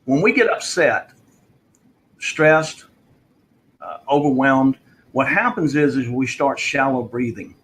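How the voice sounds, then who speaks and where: A man coaching in a live online session, telling a story and explaining a tip in a relaxed way with fillers. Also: medium pitch, slow, long pauses, low-quality recording. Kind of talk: answering a viewer question in a live online session.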